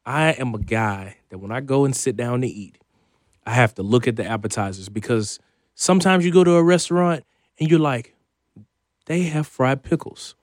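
A man's voice: medium pitch, expressive, a little fast, no echo, clean studio sound. A man, a sports reporter, chatting as a guest on a talk show in an easygoing, sometimes hesitant way. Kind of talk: casual chat.

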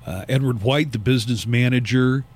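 A middle-aged man hosting a morning radio show, trading casual jokes and reading news and listings. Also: mid-range voice. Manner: wisecracking, conversational, reads listings briskly.

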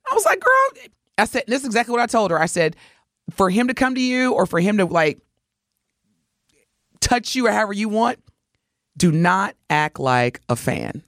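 A woman co-hosting a morning radio show, telling a story in lively chat and acting out the voices of the people in it. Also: mid-range voice, moderate pace, long pauses, dry recording, clean studio sound. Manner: animated, acts out voices while telling a story. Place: radio studio.

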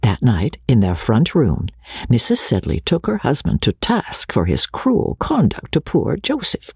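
A man narrating a classic novel in a breathy voice, often sinking to a near-whisper. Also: medium pitch, wildly swooping pitch, a little slow, darkish tone, no echo, clean studio sound. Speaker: audiobook narrator. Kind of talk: storybook narration.

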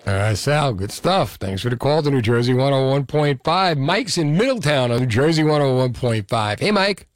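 A man's voice: mid-range voice, lively intonation, no echo. A man hosting a radio talk show from the studio, chatting casually and laughing easily with a guest and callers. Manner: jokey, quick to laugh. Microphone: studio microphone.

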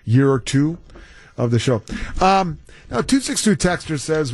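Male talk radio host, animated and rambling, slightly high voice with lively swings, dry close studio mic. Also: unhurried, no room sound. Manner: animated, rambling, reads listener texts. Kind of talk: casual radio banter.

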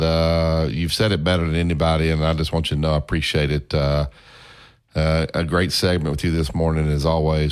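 A man's voice: rumbling low, clean tone. A man hosting a sports talk radio show, thanking his guest and reading sponsor plugs. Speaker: radio host.

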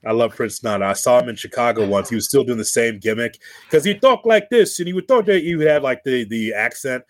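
A man's voice: medium pitch, fairly quick, no echo. A man co-hosting a wrestling podcast, chatting casually and telling stories with frequent laughs and restarts. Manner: animated storyteller, laughs often, repeats words. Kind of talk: casual chat.

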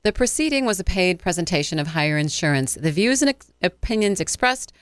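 Smooth formal woman disclaimer voice. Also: lowish voice, very animated, fairly quick. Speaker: disclaimer announcer. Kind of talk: read disclaimer.

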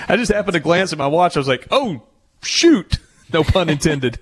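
A man's voice: fairly high pitch, fairly quick. A man hosting a sports radio show from away from the studio, chatting casually with plenty of fillers and restarts. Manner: easygoing, rambling with fillers.

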